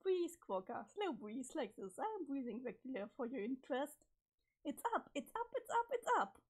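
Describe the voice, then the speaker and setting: Bubbly teen girl from a read-aloud comic, read by a woman; high, lively delivery. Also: moderate pace, husky, full character voice. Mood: excited. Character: excitable teen girl, eager gamer.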